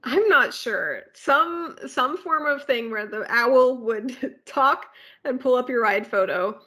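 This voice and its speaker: Podcast co-host, woman; bright, slightly high voice; rambling, filler-heavy walkthrough. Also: expressive, takes it slowly. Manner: rambling ride walkthrough with filler words and asides. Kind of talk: casual podcast chat.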